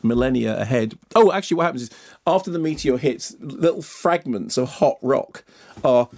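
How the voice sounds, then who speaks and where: A man's voice: mid-range voice, animated, moderate pace, a little mellow, no room sound, clean studio sound. A man reviewing films on a radio show, rambling and digressive, telling stories with animation. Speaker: film critic and co-host. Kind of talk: radio film review chat.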